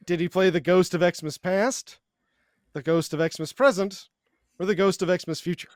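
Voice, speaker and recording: Guy w a high voice running a podcast quiz, drawing out each option, dry close sound. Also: steady tone, no room sound. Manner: reads quiz options slowly and deliberately. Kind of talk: casual podcast chat.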